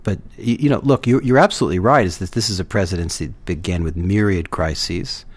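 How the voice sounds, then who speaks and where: A man speaks in a somewhat low voice on a political panel. He talks in a measured, hesitant way, pausing on fillers and restarting his sentences. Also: slightly rough, no echo. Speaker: guest commentator.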